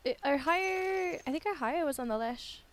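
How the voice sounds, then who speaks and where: A woman with an Australian accent doing live game commentary, teasing and excitable. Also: high-pitched, normal speed. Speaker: esports caster.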